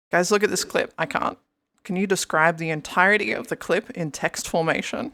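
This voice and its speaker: A woman's voice: on the low side, fairly even intonation, moderate pace, fairly bright tone. A young woman live-streaming in casual chat, rambling and greeting her viewers by name over a headset mic.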